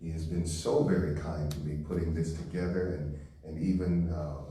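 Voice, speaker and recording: A man from St. Louis giving a keynote speech to a live audience, telling stories in a warm, conversational way. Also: a bass voice, steady tone, normal speed, a little hiss or hum. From St. Louis, Missouri. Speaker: keynote speaker. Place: large hall with live audience. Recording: echoey hall, voice from a distance.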